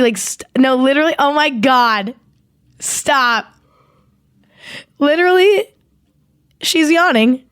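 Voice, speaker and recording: A woman's voice: on the high side, clear, resonant tone, no echo, studio quality. A young woman hosting a podcast, chatting casually and rambling with lots of "like". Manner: chatty and rambling, heavy use of "like". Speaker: podcast host. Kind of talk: casual chat with a sponsor read.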